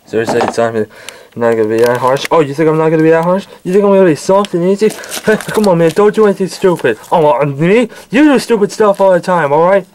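A man acting out a home-made toy skit, bickering with himself in several voices, jumping between shouted yelps and low grumbles. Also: fast talker, a little hiss or hum.

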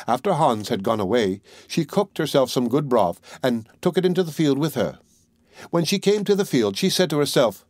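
A man reading a fairy tale aloud as an audiobook narrator, in an even, unhurried storybook manner. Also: mid-range voice, dry recording, clean studio sound.

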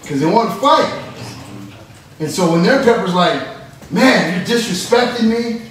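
A man teaching a lively Bible-study sermon in a classroom, animated and laughing often, acting out little voices. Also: sits high, unhurried. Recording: echoey room from far off, with background noise.

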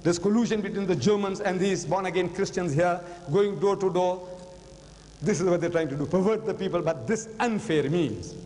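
A man's voice: sits high, normal speed, mellow, long reverb tail, slight background noise, low-quality recording. An older man telling a story in a public lecture to a live audience, dramatic and repeating phrases for emphasis. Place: lecture hall.

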